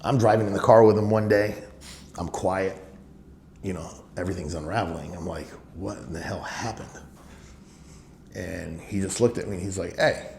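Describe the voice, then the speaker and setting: A man's voice: low voice, fairly even intonation, a little fast, creaky, darkish tone. A middle-aged man telling stories in an interview, speaking emphatically and leaning on "you know" fillers. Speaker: business owner guest. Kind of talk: candid interview storytelling. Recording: echoey room with faint noise.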